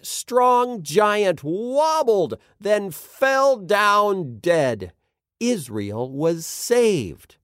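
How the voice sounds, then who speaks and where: A man narrating a children's Bible story with dramatic pauses and questions to the listener. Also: high voice, no room sound, clean studio sound.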